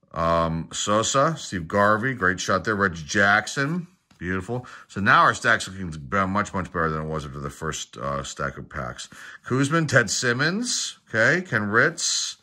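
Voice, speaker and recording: Opening baseball card packs, a middle-aged man quickly reads out each player's name, adding offhand remarks along the way. He speaks in a sing-song manner, his voice lowish, bright and pushed.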